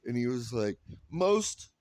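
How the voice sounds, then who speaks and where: A man's voice: lowish voice, measured pace, a little mellow, dry recording. A man in his thirties telling a funny story in a casual vlog, quoting people and laughing often. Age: 30s. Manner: rambling with restarts and "like". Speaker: vlogger.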